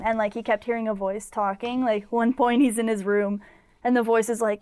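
A woman's voice: a little high, flat delivery, brisk, darkish tone, clear, resonant tone, no echo. A young woman co-hosting a podcast, retelling a film in a rambling casual chat full of "like" fillers. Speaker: podcast co-host.

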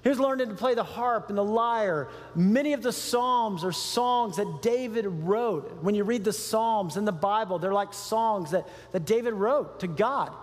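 A male pastor preaching a sermon in an animated way, laughing often and acting out quoted voices. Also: high-pitched. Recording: long hall reverb.

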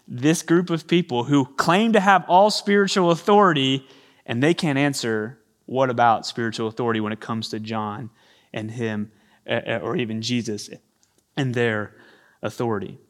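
A man's voice: medium pitch, moderate pace. A man preaching a sermon from a church stage into a microphone, acting out the voices he quotes. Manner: animated, acts out quoted voices. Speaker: pastor. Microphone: handheld or stage microphone.

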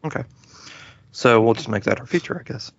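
Male podcast host, relaxed rambling review delivery, mid-pitched voice, muffled dry recording. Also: a little fast, creaky, no echo. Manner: relaxed, rambling, lots of fillers and restarts. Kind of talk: casual movie review chat.

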